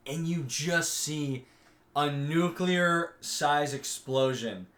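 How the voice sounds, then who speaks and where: A man co-hosting a podcast in casual chat, recapping episodes and acting out the characters' lines in quick put-on voices. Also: fairly high pitch, a bit bright. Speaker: podcast co-host.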